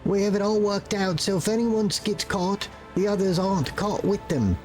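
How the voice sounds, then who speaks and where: A frightened young peasant rebel, played by a man, pleading in a rough put-on British accent and spilling words in a desperate rush. The voice sits noticeably higher than a normal speaking voice, with faint music playing underneath. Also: moderate pace, a little mellow, natural voice. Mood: defiant. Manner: urgent, pleading, breathless storytelling.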